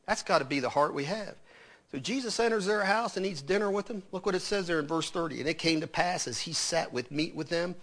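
A man preaching a sermon, swinging between loud emphatic lines and hushed, quiet asides. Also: fairly high pitch.

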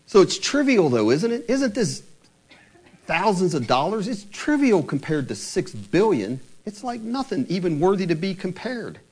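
Speaking in a high-pitched voice with a breathy edge, a married pastor gives an animated sermon, posing lots of rhetorical questions as he retells scripture.

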